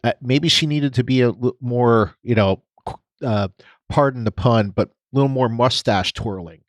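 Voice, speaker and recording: A man's voice: mid-range voice, moderate pace, dry recording. A man co-hosting a podcast in casual chat, rambling and hesitant with many restarts. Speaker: podcast co-host.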